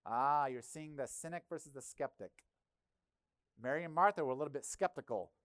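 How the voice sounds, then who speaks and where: A male pastor preaching a sermon in a conversational, animated way, often acting out quotes. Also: on the high side, brisk, dry recording.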